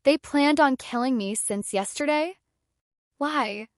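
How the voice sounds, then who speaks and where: A woman's voice: sits high, takes it slowly, no room sound, studio quality. A woman narrator voicing a young man, a student turned fighter, who speaks in a dazed, bitter way after being betrayed. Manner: dazed, then angry and bitter.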